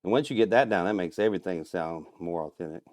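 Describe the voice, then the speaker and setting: Low-voiced man from Minnesota, relaxed podcast guest who explains at length, dry close sound. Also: fast, no room sound. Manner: relaxed, explanatory, chuckles often. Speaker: guest, turkey call maker and calling champion. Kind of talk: casual podcast interview.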